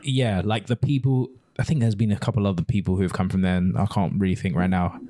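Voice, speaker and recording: A low, mellow-voiced man with a southern English accent, chatting casually as a podcast co-host. He talks in an easygoing way and pauses to hunt for names. The sound is close and dry. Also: steady tone, no echo. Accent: southern English, near London. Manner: easygoing, trails off and searches for names. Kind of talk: casual chat.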